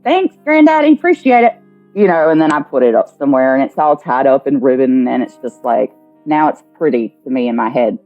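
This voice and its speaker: A woman caller in a casual call-in chat, blunt and profane, telling stories with animated energy. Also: extremely low pitch, brisk, narrow, tinny audio, soft background music.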